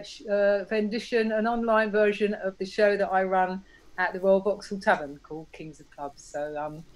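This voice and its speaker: A woman's voice: medium pitch, rough recording. A woman, a drag king performer, chatting informally and joking while announcing her upcoming online shows. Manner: chatty and informal, with light jokes. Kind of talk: casual announcement to an online audience.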